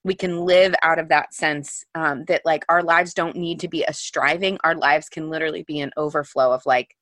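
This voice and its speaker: Earnest, bright-voiced woman telling her story. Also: low-pitched, fairly even intonation, normal speed, dry recording. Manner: earnest, emotional, heavy use of "like". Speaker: podcast guest, author. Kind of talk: personal storytelling in an interview.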